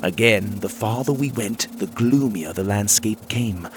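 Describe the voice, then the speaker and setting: A man narrating a fairy storybook in the first person, descriptive and lively. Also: fairly low pitch, a little slow, faint music behind.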